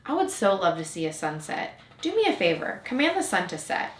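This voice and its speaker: A woman's voice: mid-range voice, very animated, brisk, lightly acted. A woman voicing a small, polite young prince in a storybook reading, asking timid, wondering questions. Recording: roomy echo.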